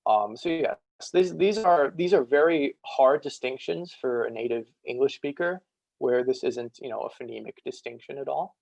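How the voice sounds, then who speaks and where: A young man giving a casual student presentation over a video call, full of fillers, slowing to demonstrate sounds. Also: mid-range voice, gravelly, darkish tone, no room sound, rough recording. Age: young adult. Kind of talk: online lecture on ancient Greek pronunciation.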